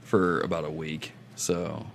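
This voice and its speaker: A man hosting a casual gaming podcast, excitable and laughing often, with quick asides. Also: a bass voice, vocal fry. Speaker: podcast host.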